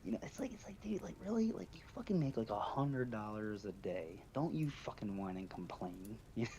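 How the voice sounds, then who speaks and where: A man's voice: fairly low pitch, very animated, brisk, mellow, dull audio, a little hiss or hum. A man telling family stories in casual chat, rambling and swearing, laughing between lines. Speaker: stream party guest.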